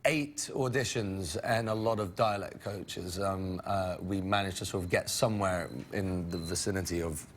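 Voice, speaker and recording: A man's voice: deep voice, moderate pace, few pauses, slight background noise. A young man from England, an actor chatting as an interview guest, rambling and self-interrupting with frequent laughs. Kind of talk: casual interview chat.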